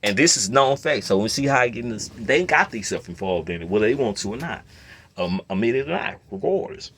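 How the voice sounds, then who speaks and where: Animated man telling a story. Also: fairly quick, a little hiss or hum. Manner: animated, swings between low mutter and loud outbursts. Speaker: storyteller host. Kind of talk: casual storytelling rant.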